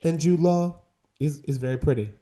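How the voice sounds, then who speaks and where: A man's voice: fairly high pitch, normal speed, mellow. A man co-hosting a casual podcast debate, talking in an emphatic, campy, joking way. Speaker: co-host.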